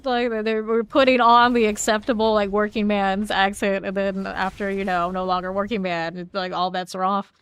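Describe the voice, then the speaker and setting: A woman's voice: medium pitch, little pitch movement, moderate pace, few pauses, fairly bright tone, smooth. A woman with a light Southern US accent streaming a game, chatting casually and laughing with her viewers as she plays. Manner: chatty and self-teasing, talks to chat while playing, laughs often.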